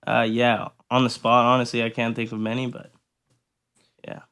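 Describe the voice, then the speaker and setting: A man's voice: mid-range voice, completely flat delivery, moderate pace, fairly bright tone, clear, resonant tone. A young man, a band member guest on a podcast, chatting in a chill, slangy way and calling people bro. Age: young adult. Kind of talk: casual interview chat.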